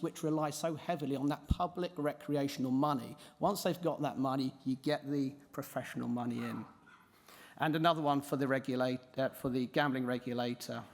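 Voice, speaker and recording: A man giving a brisk, assertive conference presentation, laying out points like a list. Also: mid-range voice. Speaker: conference panelist. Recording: reverberant conference hall.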